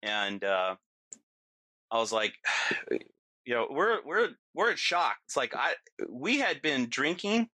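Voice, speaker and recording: A man's voice: mid-range voice, very animated, a little slow, no echo. A middle-aged man, a podcast guest, telling a vivid story casually with lots of fillers. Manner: vivid, lots of fillers, acts out his own yelling.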